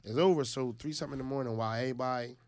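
A man's voice: mid-range voice, steady tone, rapid-fire, slight background noise. A man telling a personal story in a casual chat, animatedly acting out what other people said.

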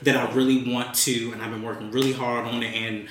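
A man's voice: mid-range voice, flat delivery, a little fast, fairly bright tone, slight background noise. A man hosting a casual chat, upbeat and playful. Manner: enthusiastic, playful banter. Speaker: host. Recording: echoey room.

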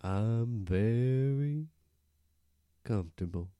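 A man's voice: medium pitch, lively intonation, drawn-out words, warm tone, smooth, dry recording. A man voicing a teasing, coy talking tortoise in an improvised comedy scene.

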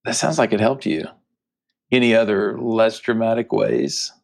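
Deep gravelly interviewer. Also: male voice, big pitch swings, normal speed. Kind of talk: interview questions.

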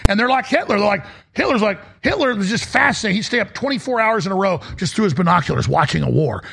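A man hosting a talk radio show, delivering an intense rant that swings from a low growl to high shouting. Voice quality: gravelly, husky. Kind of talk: ranting talk radio monologue.

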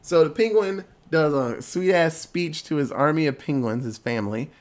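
A man's voice: fairly high pitch, moderate pace. Rambling, swearing man recapping a film. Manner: rambling, swears freely, acts out quotes. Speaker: podcast co-host recapping a movie. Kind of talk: casual chat.

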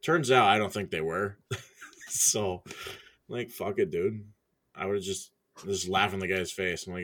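A man's voice: sits low, measured pace, a bit bright. A man telling a story in casual chat, laid-back and profane, laughing along as he talks.

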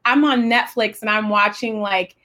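A woman's voice: mid-range voice, moderate pace, pushed and bright. A woman interviewer asking questions and giving eager, affirming replies in a casual chat over a video call.

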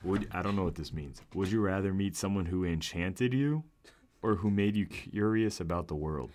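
A man's voice: low-pitched, moderate pace, a little mellow. A young man in a casual group chat, blunt and laid-back, swearing now and then. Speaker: podcast co-host reading questions.

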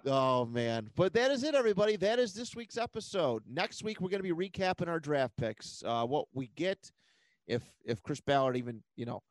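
Male sports podcast co-host, chatty and animated, bright lively delivery. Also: a little high, moderate pace, dry recording. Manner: animated, laughs often. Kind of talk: casual sports podcast chat.

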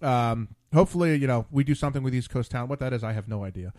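A man's voice: mid-range voice, racing, a little mellow. A man hosting a casual late-night talk show, rambling off on tangents with many restarts. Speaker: podcast host.

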